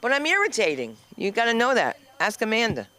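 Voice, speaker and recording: An older woman with a New York accent works the room on a comedy club stage, loud and brash and quick to poke fun at herself. Her voice sits high and swoops all over. It sounds bright and crisp. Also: wildly swooping pitch. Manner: loud, brash and self-deprecating, chatting with the crowd. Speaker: stand-up comedian. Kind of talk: rambling stand-up storytelling.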